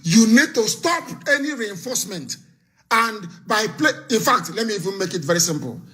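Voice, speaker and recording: A man hosts a live call-in broadcast. His voice sits high, with a bright, cutting edge. He drives his points home with forceful repetition. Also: lively intonation, moderate pace. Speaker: host.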